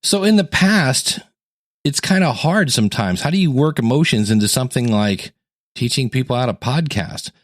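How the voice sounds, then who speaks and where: A man hosting a teaching podcast in a casual, conversational way, acting out quotes with sudden jumps in pitch. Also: animated, moderate pace, dry recording, clean studio sound. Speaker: podcast coach and host.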